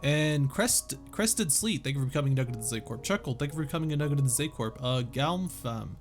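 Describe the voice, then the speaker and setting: Casual, irreverent male streamer with a lively voice, chatting and reading aloud. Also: mid-range voice, fast talker, soft background music. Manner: joking, swears freely, lots of laughing asides.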